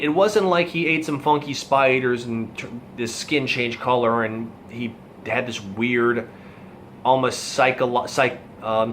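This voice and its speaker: A man's voice: on the high side, a bit bright, slight background noise. A young adult man giving a casual, rambling movie review, full of fillers and asides. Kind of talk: casual film review monologue.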